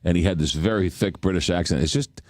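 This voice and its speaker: A man's voice: low voice, fast, darkish tone, dry recording, clean studio sound. A man hosting a radio talk show, chatting casually and rambling, with many fillers while he hunts for words. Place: radio studio.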